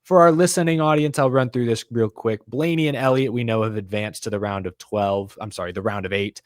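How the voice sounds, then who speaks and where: A man's voice: fairly low pitch, brisk, no room sound, clean studio sound. A man hosting a casual racing podcast chat, leading the talk and running through standings. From American South. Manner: animated, runs through stats, leads the discussion. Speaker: podcast host.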